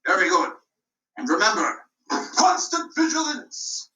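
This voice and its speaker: Woman puppeteer as a self-important village constable, loud and bossy, lively swoops, roomy sound from a distance. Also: medium pitch, a little slow, faint music behind.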